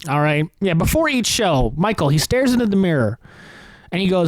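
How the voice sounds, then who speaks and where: A man's voice: high-pitched, sing-song, normal speed, no room sound. Ranting, sarcastic man on a podcast. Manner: ranting, sarcastic, heavily profane. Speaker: comedy podcast host. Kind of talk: comedic rant.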